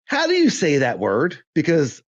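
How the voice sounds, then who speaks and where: A man's voice: fairly high pitch, huge pitch swings, normal speed, muffled recording. A man co-hosting a podcast in casual chat, joking and rambling with restarts. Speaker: podcast co-host.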